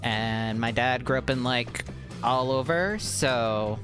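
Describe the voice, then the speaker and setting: A woman's voice: a bass voice, slow pace, music in the background. A woman with a Mid-Atlantic American accent touched by Baltimore, chatting casually on stream while gaming and rambling as she answers chat.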